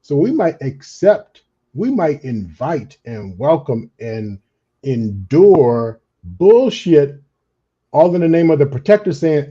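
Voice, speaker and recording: A man on a discussion panel, explaining his ideas in an animated way and acting out the inner voices he quotes. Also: fairly high pitch, takes it slowly, husky, dull audio. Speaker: panelist on a trauma and healing talk. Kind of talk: conversational explanation.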